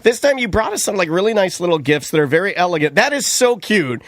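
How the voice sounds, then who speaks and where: A man co-hosting a radio show, animated and teasing, laughing often. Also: sits high, fast, no room sound. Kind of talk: casual morning show banter.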